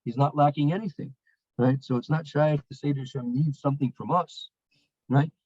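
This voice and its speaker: A man's voice: fairly high pitch, steady tone, a little fast, a little mellow, husky, dry recording. Storytelling man with a dull, dry sound. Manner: storytelling, repeats phrases, many fillers and restarts. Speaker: Torah teacher. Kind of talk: weekly Torah portion lecture.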